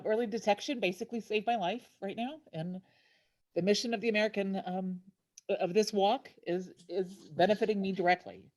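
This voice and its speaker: A woman in her fifties, tearful and emotional, telling her story haltingly with many restarts as a walk team captain on a video call. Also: mid-range voice. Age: 50s. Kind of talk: personal testimony on a video call.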